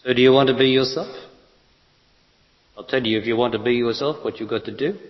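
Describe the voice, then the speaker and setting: Speaking at a medium pitch and a fairly quick pace, a man gives a spiritual talk to an audience, blunt and emphatic and full of rhetorical questions. The recording is lo-fi, captured in an echoey hall.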